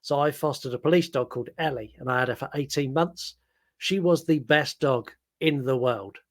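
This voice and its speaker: A man's voice: medium pitch, normal speed. A man co-hosting a podcast, chatting casually and rambling through a film recap with many "like"s and "um"s. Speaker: podcast co-host.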